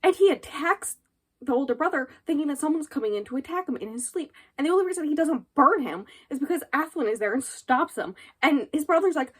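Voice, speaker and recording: A woman casually reviewing a book on her vlog, retelling the plot in a rambling, animated way full of fillers. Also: high voice, fast talker.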